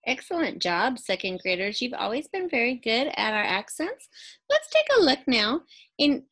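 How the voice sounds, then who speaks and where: Lady teacher doing an online phonics lesson for kids, slow and clear, waits for answers. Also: on the high side, very animated, a bit bright, low-quality recording. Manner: slow, clearly enunciated teacher talk with pauses for imagined answers.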